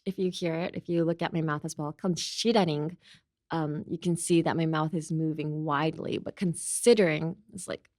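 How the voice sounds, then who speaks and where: With a voice on the low side, recorded in a clean studio with no room sound, a young woman from Los Angeles, USA, hosts a casual podcast language lesson. She's chatty, slips Japanese into her English without effort, and teaches through examples.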